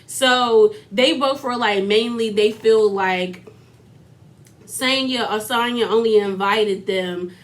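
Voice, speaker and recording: A woman's voice: a little high, takes it slowly. A woman vlogger giving a casual, chatty recap of a reality show, full of fillers and laughter.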